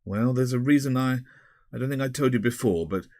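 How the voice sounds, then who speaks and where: A man's voice: mid-range voice, brisk, a little mellow, no echo, clean studio sound, pitched above the performer's own voice, lightly acted. A man voicing a disreputable, glib man who talks in an offhand, breezy way. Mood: rueful.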